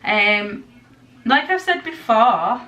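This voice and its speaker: A woman talks through her shopping in a loose, rambling way, full of ums and small laughs. Her voice is bright and a little dry in the throat. She sits a step back from the mic, with faint noise behind her. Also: fairly high pitch, animated, slow, recorded from a distance. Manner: chatty, giggly, rambling with ums. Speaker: vlogger. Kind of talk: casual grocery haul chat.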